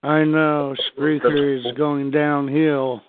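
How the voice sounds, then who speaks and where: A man chatting casually as a guest co-host, agreeable and slow-spoken. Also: on the high side, level tone, background noise. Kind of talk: casual chat. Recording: tinny phone line.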